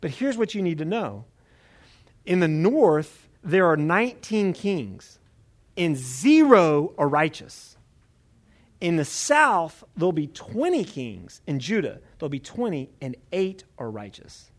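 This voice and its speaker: In a slightly high, slow voice, a man gives a Bible teaching sermon. He sounds conversational and animated, and he keeps checking in with his listeners.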